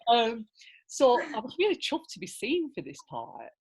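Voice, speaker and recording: Answering questions as a guest actress, a northern English woman with a rounded, somewhat old-fashioned Lancashire accent talks casually and animatedly, peppering her speech with fillers, asides and "do you know what I mean". Her voice is a little high and slightly rough, at a moderate pace.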